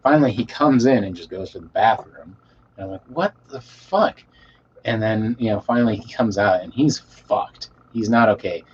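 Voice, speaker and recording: Low-voiced guy rambling thru a story for his chat, swears constantly, kinda muffled lo-fi mic w/ faint hiss. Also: brisk. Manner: loose and rambling, swears a lot, trails off quietly. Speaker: streamer reading chat. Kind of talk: casual storytelling to a live chat.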